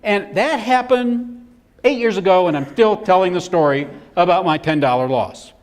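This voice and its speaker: A middle-aged business speaker gives a live seminar, telling stories and animatedly acting out the quotes. His voice is high-pitched and his speed is normal.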